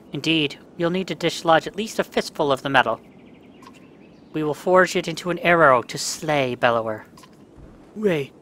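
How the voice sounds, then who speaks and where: A man's voice: a little high, moderate pace, long pauses, sharp tone, slight background noise. A man playing a story game, reading each part's dialogue aloud in his own voice and cursing when the controls glitch. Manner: reads every part in his own voice, breaks into angry outbursts at glitches. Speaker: let's play gamer.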